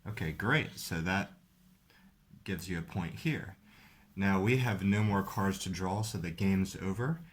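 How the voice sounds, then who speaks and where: A man's voice: low-pitched, measured pace, slightly rough. A man hosting a video, casually explaining the rules of a card game step by step. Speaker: host.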